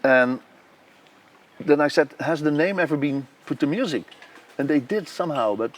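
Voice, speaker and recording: A man's voice: a little high, moderate pace. A middle-aged man with a Dutch accent, a composer being interviewed, telling stories with energy and singing melodies aloud. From Netherlands. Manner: animated storyteller who sings melodies aloud.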